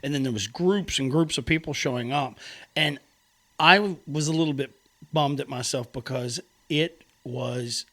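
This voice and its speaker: A man's voice: mid-range voice, normal speed, sharp tone. A man hosting a podcast, telling stories in a laid-back, chatty way with frequent laughs. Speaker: podcast host. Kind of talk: casual chat.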